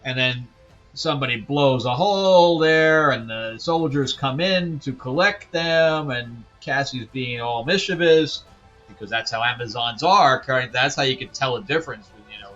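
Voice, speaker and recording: A man's voice: medium pitch, moderate pace, fairly bright tone, dull audio, soft background music. A man hosting a casual comic book review, rambling with lots of fillers and chuckling asides.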